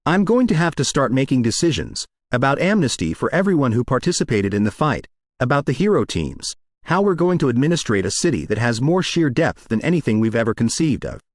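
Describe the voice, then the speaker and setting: A man's voice: medium pitch, very animated, fairly quick, no room sound, studio quality. A man voicing an armored male hero leader, speaking in an urgent, politely insistent way. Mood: pleading.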